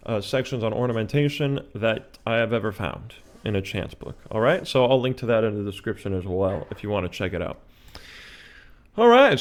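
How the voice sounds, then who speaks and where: A man teaching a video chant lesson, explaining patiently and often checking in with "all right?". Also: mid-range voice.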